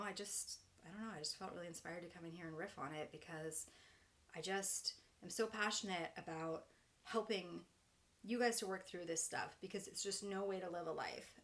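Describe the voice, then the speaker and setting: A woman's voice: on the low side, fairly bright tone. Earnest woman coach talking to camera. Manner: earnest, encouraging, many fillers like "you know" and "like". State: emotional. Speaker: life coach. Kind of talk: heartfelt direct-to-camera talk.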